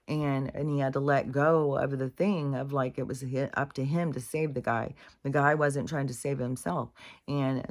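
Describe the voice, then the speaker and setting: Candid woman musing on healing. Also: rumbling low. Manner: candid, swears freely, restarts often. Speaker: healing and spirituality speaker. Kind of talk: casual spiritual monologue.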